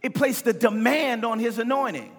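High-voiced, bright preaching pastor. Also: male voice, animated, normal speed, husky, big-room sound. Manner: impassioned preaching, shouting and sing-song cadences. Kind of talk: sermon. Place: church sanctuary.

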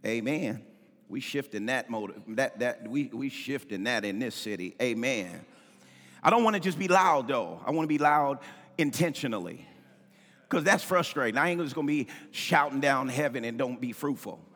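A man preaching a sermon as pastor, impassioned, swinging between shouts and sing-song cadences. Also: mid-range voice, animated, moderate pace, long reverb tail. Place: church sanctuary.

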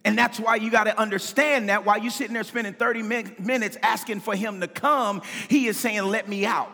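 A man preaching a sermon as pastor, impassioned, swinging between shouts and sing-song cadences. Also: high voice, fairly even intonation, brisk, gravelly, big-room sound. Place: church sanctuary.

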